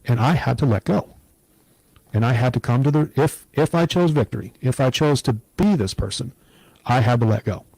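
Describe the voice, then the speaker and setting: Earnest middle-aged man, dark mellow tone. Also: mid-range voice, normal speed, dry recording, poor audio. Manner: earnest, reflective, steady storytelling. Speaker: interview guest. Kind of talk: personal testimony in an interview.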